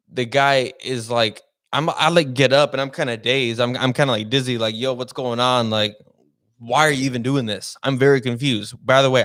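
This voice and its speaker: A young man tells a personal story in a loose, rambling way, full of "like" and false starts. His voice sits at a middle pitch. The sound is close and dry, with no room around it. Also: no room sound. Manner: rambling, animated, frequent "like" fillers and restarts. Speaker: podcast host. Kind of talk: casual storytelling.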